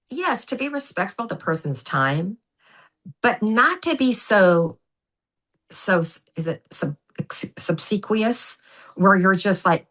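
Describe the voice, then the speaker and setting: Bright, animated woman telling stories. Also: on the low side. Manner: animated, emphatic storyteller who acts out quotes. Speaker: guest, former gymnastics coach. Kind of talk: storytelling in a podcast interview.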